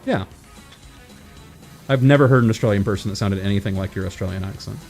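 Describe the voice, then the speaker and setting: A man's voice: fairly low pitch, fast talker, gravelly, darkish tone, faint music behind. An American man streaming a coop game, casually chatting and teasing his friend. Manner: teasing, joking. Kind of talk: casual chat while gaming.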